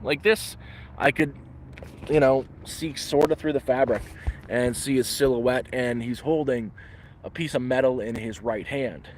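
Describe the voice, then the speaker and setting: A man's voice: mid-range voice, measured pace, slight background noise. Man rambling through a story outdoors. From Canada. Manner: rambling, restarts often, acts out voices in quotes. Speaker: livestreamer. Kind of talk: casual live storytelling. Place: outdoors in the woods.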